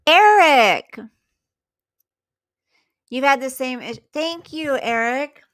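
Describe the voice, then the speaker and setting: Slow-talking woman chatting on a livestream. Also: high-pitched. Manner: chatty, thanks viewers warmly, eats while talking. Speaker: livestream host. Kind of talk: casual livestream chat.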